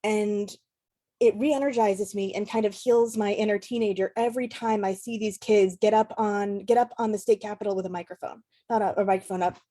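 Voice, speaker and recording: A woman's voice: medium pitch, fairly even intonation, a little fast, warm tone. A woman speaking as a climate education advocate on an online panel, rambling and emotional, laughing often. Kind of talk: panel discussion on a video call.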